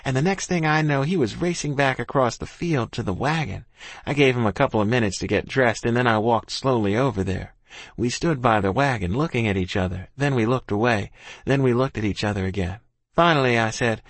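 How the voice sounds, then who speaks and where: A man's voice: mid-range voice, a little fast, no room sound. A man narrating a first-person story in a folksy rural dialect. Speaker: audiobook narrator.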